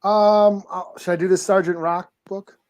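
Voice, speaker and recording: Man, podcast co-host, casual and easygoing, fairly high pitch. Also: little pitch movement, normal speed, a little mellow.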